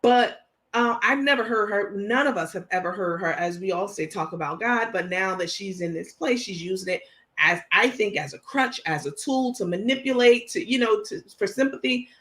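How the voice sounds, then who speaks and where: A woman's voice: mid-range voice, moderate pace, a bit bright. A woman with a New York accent hosting a livestream, talking emphatically and indignantly while reading messages aloud. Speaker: host. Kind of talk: livestream commentary.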